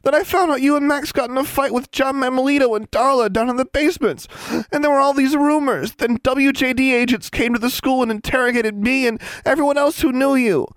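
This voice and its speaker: A man voicing Anna, an anxious teenage girl roommate, in a high, tearful, rushed voice in an audiobook. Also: creaky, darkish tone, dry recording. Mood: distraught.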